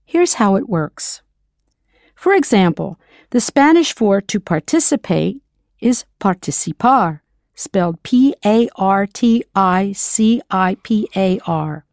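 Woman, language teacher, scripted lesson, patient, spells out words, animated pitch, dry sound. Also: slow, no echo.

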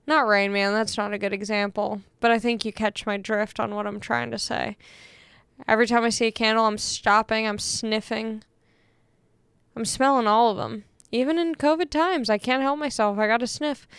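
A woman's voice: a little high, steady tone, moderate pace, fairly bright tone, smooth, no room sound, studio quality. A young woman hosting a casual talk show, chatty and self-mocking, rambling through a sponsor read. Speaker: podcast host reading an ad.

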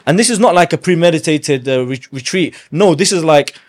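A man as a guest speaker, telling a religious story in conversation with animated emphasis and Arabic phrases. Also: a little high, fairly quick.

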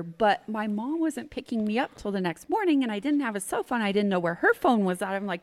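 Brief: middle-aged woman, podcast guest, lively storyteller whose pitch swings widely. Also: fast, hardly any pauses. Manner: animated, vivid storyteller. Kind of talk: telling a personal story in casual chat.

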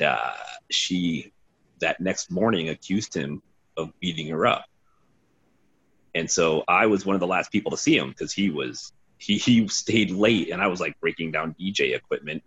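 A man's voice: low voice, a bit bright, husky. A man telling rambling, profane stories as a podcast guest, over a dull lo-fi recording. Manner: rambling, swearing, laughing storyteller. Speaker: podcast guest, former team DJ. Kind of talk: casual storytelling. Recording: dull lo-fi sound.

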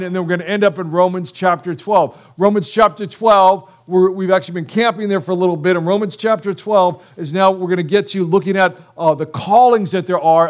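A male pastor preaching a sermon in an animated, conversational way, acting out biblical dialogue and using casual slang. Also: sits high. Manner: casual slang, quick bursts.

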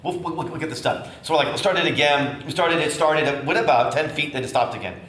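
A middle-aged man preaching as a bishop, telling a personal story in an animated way and acting out the voices. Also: a little high, fast talker. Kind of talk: storytelling sermon. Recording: echoey room with faint noise.

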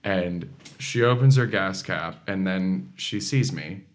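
A young man with a fairly low voice, talking as a singer being interviewed. He tells his stories with lively energy and enthusiasm. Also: slow pace. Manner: enthusiastic storyteller, animated. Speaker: singer, talent show contestant. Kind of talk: interview guest.

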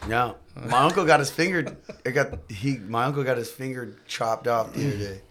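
A man's voice: mid-range voice, fairly quick, fairly bright tone, a little hiss or hum. A man telling rambling stories as a guest on a casual podcast, often laughing as he talks. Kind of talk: casual chat, storytelling.

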